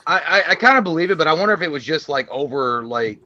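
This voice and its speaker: A man's voice: on the high side, animated, quick pace, bright, forceful tone, dry recording, muffled recording. A man co-hosting a live movie stream, chatting casually with profane, crude jokes.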